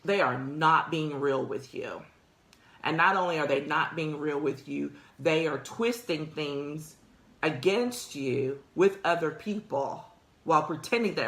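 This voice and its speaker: A woman hosts a career talk show, giving a casual motivational talk in which she addresses listeners directly and laughs often. Her low voice has lively intonation, a moderate pace, some creak, and a slightly bright quality, in a reverberant space.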